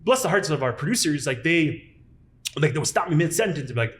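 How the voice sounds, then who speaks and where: Animated, self-mocking man in his thirties. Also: a little high, brisk. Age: 30s. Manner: animated, self-deprecating storyteller. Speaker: podcast host. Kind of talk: casual chat.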